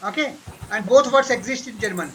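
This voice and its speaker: A man's voice: sits high, crowd noise, low-quality recording. Man correcting German pronunciation. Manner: corrective, patient, repeats words slowly. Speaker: German teacher. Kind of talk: online language lesson.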